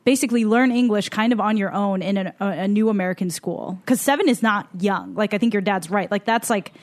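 A woman hosts a podcast in a casual interview style, with a voice of middling pitch. She asks curious, rambling questions and keeps up a steady stream of affirmations. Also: brisk. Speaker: podcast host.

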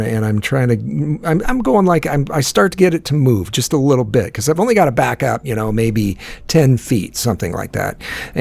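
A man's voice: mid-range voice, gravelly, darkish tone, dry recording. A man telling a long story in casual chat, swearing often and restarting his sentences. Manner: profane, rambling, many restarts. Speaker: podcast co-host telling a story.

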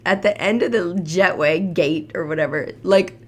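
A woman's voice: on the low side, normal speed. A woman co-hosting a casual chat show, telling a story with lots of laughter. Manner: animated storytelling, laughs often. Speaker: podcast co-host.

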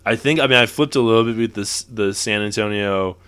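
Fairly quick and clear, this young man's voice sits fairly low, with a resonant, fairly bright tone. He's co-hosting a podcast and chatting loosely about basketball, laughing and self-correcting as he rambles.

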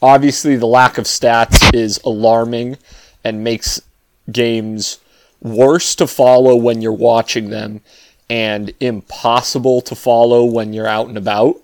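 A man's voice: medium pitch, level tone, a little slow. A man hosting a casual sports podcast, opening with wry announcer-style intros and chatting with his co-hosts. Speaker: podcast host.

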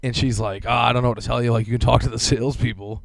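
A young man tells a long, profane complaint on a podcast, words tumbling out quickly. His voice has a gravelly, fried edge. The sound is dry and close. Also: mid-range voice, steady tone, no room sound. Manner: ranting, profane storytelling with many fillers. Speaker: podcast co-host. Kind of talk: casual podcast banter.

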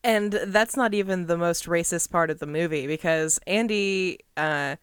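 Young woman, dry and wry, smooth voice. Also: on the low side, measured pace, no room sound. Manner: wry, dry, deadpan commentary. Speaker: podcast co-host. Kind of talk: casual chat reviewing a movie.

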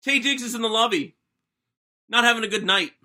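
A man voicing a young British man in a jokey, deliberately bad British accent, retelling a wild night in the first person. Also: extremely high pitch, pushed and bright, pitched above the performer's own voice, exaggerated voice. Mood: playful. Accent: bad put-on British. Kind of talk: comedic first-person plot recap.

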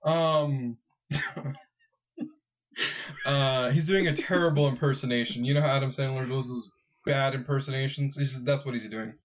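A man co-hosting a podcast, talking at a middling pitch. He rambles and keeps cutting himself off, laughing as he goes. The sound is a bit dull and lo-fi. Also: fairly even intonation, normal speed, long pauses. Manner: rambling, self-interrupting, laughs often. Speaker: podcast co-host. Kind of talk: casual podcast chat.

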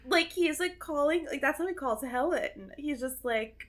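A woman co-hosting a podcast, chatting casually about a film, expressive and quick to swear and laugh. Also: high voice. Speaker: podcast co-host.

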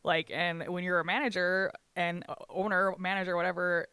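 In a medium-pitched, level, bright and forceful voice at normal speed, an adult who has worked banquets for a decade shares a workplace tale in casual conversation. Expect free swearing, acted-out dialogue and frequent laughter, all in a clean tone without echo.

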